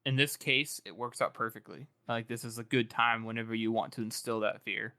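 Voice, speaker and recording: A man's voice: medium pitch, steady tone, a little fast, sharp tone. A man co-hosting a podcast, chatting eagerly about a book with lots of restarts. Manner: enthusiastic, rambling with many restarts. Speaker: podcast co-host. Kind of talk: casual book discussion.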